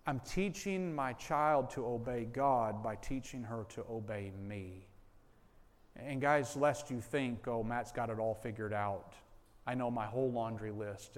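A male pastor preaching a sermon. He tells a personal story earnestly and repeats key lines for emphasis. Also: lowish voice. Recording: long reverb of a large hall.

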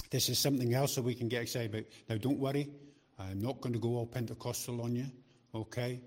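Middle-aged man, lay preacher, chatty sermon with jokes and restarts, mid pitch. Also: fairly even intonation, fast, slight background noise. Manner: chatty, joking asides to the congregation; frequent restarts and repeated words.

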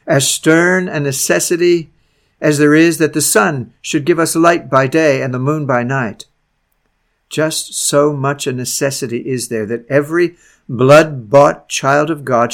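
A man reading an old sermon aloud, preaching earnestly with slow, stretched phrases that sink to a hush at the ends. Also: medium pitch. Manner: drops to a hushed, soft voice at phrase ends. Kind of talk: read-aloud Victorian sermon.

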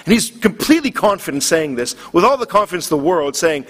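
High-voiced preacher man in a reverberant hall. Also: very animated, quick pace, few pauses, fairly bright tone. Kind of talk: sermon.

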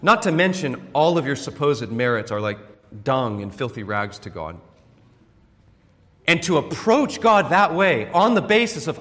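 A man's voice: fairly high pitch, very animated, a little slow, a bit bright. A man preaching an expository sermon in an earnest teaching tone, often checking in with rhetorical questions. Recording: long hall reverb.

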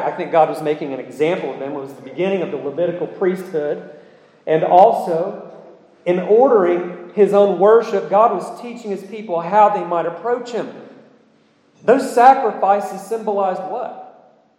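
A man's voice: fairly high pitch, mellow. A male pastor preaching a sermon, earnest and asking his listeners rhetorical questions. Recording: echoey hall with long reverb.

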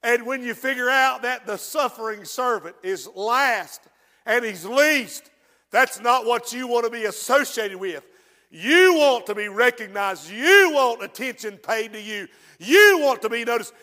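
A man preaching a fervent sermon, dropping to a hush and then rising to shouts. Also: very high-pitched, expressive, unhurried. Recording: long reverb in a large hall.

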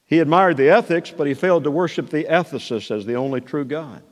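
A man preaching a sermon, moving between soft asides and raised, emphatic declarations. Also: on the high side, fairly quick. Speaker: pastor. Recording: long hall reverb.

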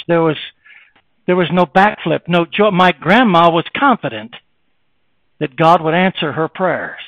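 A male preacher giving a sermon, reading scripture aloud and moving between hushed, low passages and raised, fervent preaching. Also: unhurried, pauses often, dry recording, rough recording.

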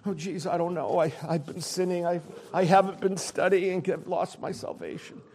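A man's voice: high-pitched, steady tone, moderate pace, slight background noise. A man voicing an anxious churchgoer who stammers nervously and fears he has lost his salvation. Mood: fretful. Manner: stammering, worried, hushed.

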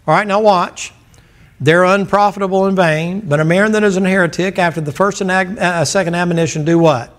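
A man's voice: high voice, fairly quick. A man, preaching a sermon in a folksy, joking manner. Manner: folksy, animated preaching with jokes. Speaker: pastor.

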